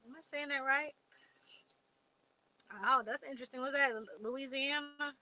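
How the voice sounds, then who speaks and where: Woman livestream host, fairly high and bright, chatty, answers viewer comments; dull lo-fi stream audio. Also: fairly even intonation, a little slow. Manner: chatty, reads viewer comments aloud and replies. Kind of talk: casual live chat.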